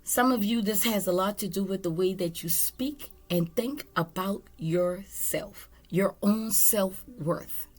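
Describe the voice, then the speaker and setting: A woman's voice: medium pitch, takes it slowly, few pauses. A woman tarot reader giving a casual spiritual monologue, blunt and candid, with swearing.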